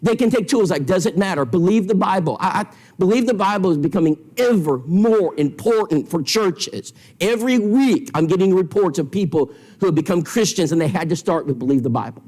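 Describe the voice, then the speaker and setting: A man's voice: sits high, expressive, brisk, hardly any pauses, darkish tone. A man teaching an evangelism seminar in a church, telling stories with quoted dialogue in an emphatic way. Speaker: preacher.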